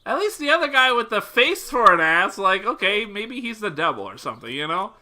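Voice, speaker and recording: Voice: medium pitch, very animated, a little fast, sharp tone. A livestreamer giving live gameplay commentary, playful and profane, breaking into long laughing fits until in tears.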